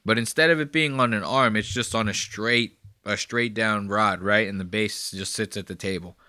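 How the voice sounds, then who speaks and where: A man's voice: on the low side, moderate pace, bright, forceful tone, dry recording. A man hosting a podcast, riffing crude and profane comedic commentary in a rambling, conversational way on a close mic. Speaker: podcast host.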